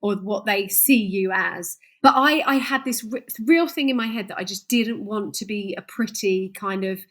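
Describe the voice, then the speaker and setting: A woman's voice: medium pitch, normal speed. A woman chatting as a podcast guest, self-deprecating and laughing as she tells her stories. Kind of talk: casual chat.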